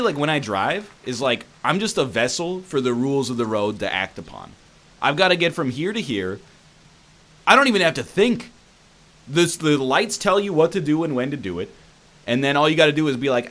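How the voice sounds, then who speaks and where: A young man chatting casually during a game, telling animated stories, swearing and mimicking others. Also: mid-range voice, a little fast. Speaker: co-host playing a golf game. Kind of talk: casual banter while gaming.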